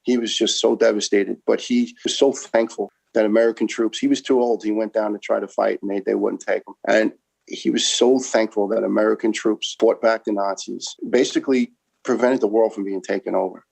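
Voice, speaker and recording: Gravelly brooklyn guy in his middle years, kinda low voice, earnest and fired up, talking in an interview. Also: fairly even intonation, fairly quick, a little mellow, rough recording. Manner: earnest, impassioned, repeats words as he builds a point. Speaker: interview guest, former first responder. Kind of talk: conversational interview.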